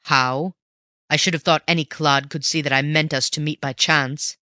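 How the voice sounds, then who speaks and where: A reader voicing a suave, mocking gentleman thief. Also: mid-range voice, steady tone, normal speed, no room sound, clean studio sound, lightly acted. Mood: snarling. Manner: snarling and teasing by turns. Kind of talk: audiobook dialogue reading.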